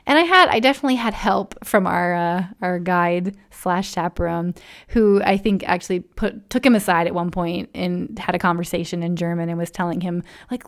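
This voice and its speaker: A chatty woman hosting a podcast, telling a travel story with animated energy. She laughs often and acts out the people she quotes with quick changes of voice. Her voice sits at an everyday middle pitch for a woman. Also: smooth. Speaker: podcast host.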